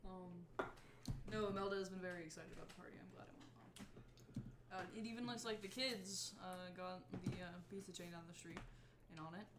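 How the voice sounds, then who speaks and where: A woman's voice: on the low side, fairly even intonation, fairly quick. A woman playing a tabletop role-playing game, speaking in character with a lot of hesitation and fillers. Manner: hesitant, filler-heavy, friendly. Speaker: tabletop player. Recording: echoey room, loud background noise.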